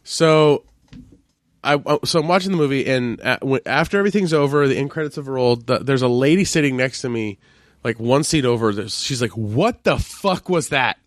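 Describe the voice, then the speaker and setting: A man's voice: mid-range voice, a little fast, no echo, clean studio sound. A man co-hosting a podcast, telling a story in a loose casual way, swearing now and then and using lots of fillers. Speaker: podcast co-host.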